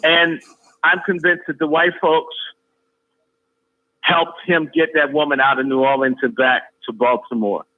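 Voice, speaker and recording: A man phones in as a guest, pressing his points with forceful repetition. His voice sits a little high and comes through a narrow, tinny phone line. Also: level tone, unhurried, long pauses. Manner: emphatic, repeats phrases forcefully. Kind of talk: heated call-in talk. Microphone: phone call.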